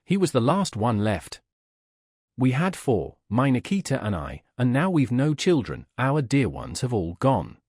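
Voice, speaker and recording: A man reading the part of a grieving middle-aged peasant woman who speaks in a slow, sing-song, pleading lament. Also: mid-range voice, huge pitch swings, darkish tone, husky, no echo, clean studio sound, full character voice.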